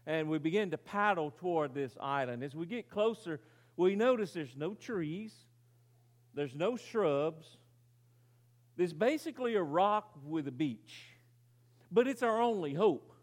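Male preacher, fairly high voice, dramatic storyteller who drops to a hush, rhetorical questions. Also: animated, measured pace. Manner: dramatic storytelling, rises loud then drops very quiet; asks the audience rhetorical questions. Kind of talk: sermon illustration.

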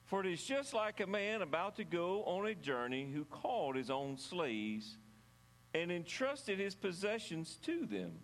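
A man preaching a sermon, reading scripture aloud and then explaining it in an earnest, measured way, sometimes halting and restarting his words. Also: a little high, in a large hall. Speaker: pastor.

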